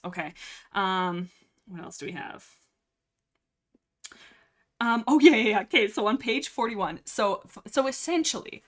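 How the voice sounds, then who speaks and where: A woman's voice: mid-range voice, a bit bright. A young woman livestreaming a casual, rambling book discussion, sarcastic and chatty. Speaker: streamer.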